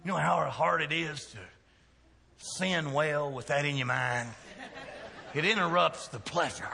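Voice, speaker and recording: Man, middle-aged, folksy joking sermon, forceful tone, reverberant church hall. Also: fairly high pitch, measured pace, gravelly, long pauses, slight background noise. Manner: folksy, joking preaching with big swings in loudness. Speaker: pastor. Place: church sanctuary.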